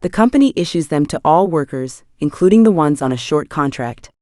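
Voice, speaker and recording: A woman's voice: sits low, expressive, fairly quick, darkish tone, no room sound, studio quality. A woman voicing a timid, anxious man who pleads nervously, in an audiobook. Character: nervous, timid young male deputy. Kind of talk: audiobook character voice.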